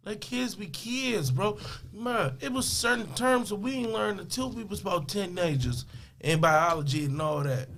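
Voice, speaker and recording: Brief: young man with a very high, sharp voice, animated and loud in casual podcast banter. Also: moderate pace, slight background noise. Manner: animated, loud, laughing storyteller. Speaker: podcast co-host.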